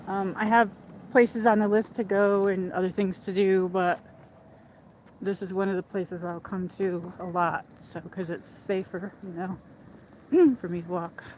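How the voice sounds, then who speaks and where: A woman's voice: medium pitch, fairly even intonation, a little slow, darkish tone, slight background noise. A woman hosting a casual walk-and-talk livestream outdoors by a lake, chatting in a rambling way with lots of fillers, a little out of breath from walking, on a handheld phone. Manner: chatty and rambling, with many "like"s and restarts. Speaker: livestream host.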